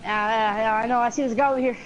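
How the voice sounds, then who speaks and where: A woman's voice: a little high, fairly even intonation, rapid-fire, dull audio, over a noisy crowd. A woman chatting casually while gaming, laid-back and filling gaps with easy agreement. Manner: laid-back, lots of yeah fillers. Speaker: gamer.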